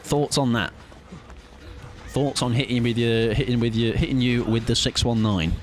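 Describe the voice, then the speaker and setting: A man's voice: medium pitch, steady tone, fairly quick, slight background noise. A British man streaming a game live, rambling and joking with his viewers in casual chat. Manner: rambling, jokey, chats with viewers.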